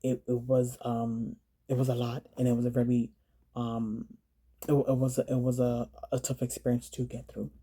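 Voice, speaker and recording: Woman, vlog storyteller, very dark voice, flat delivery, repeats herself, earnest. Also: a bass voice, husky. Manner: halting, repeats words and phrases; earnest, urging viewers to slow down. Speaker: vlogger telling her own story.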